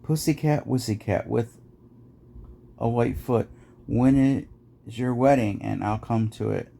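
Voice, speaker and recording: A man's voice: medium pitch, unhurried, vocal fry, dark tone. A man reading nursery rhymes aloud in a rhythmic, sing-song way, as host of a podcast.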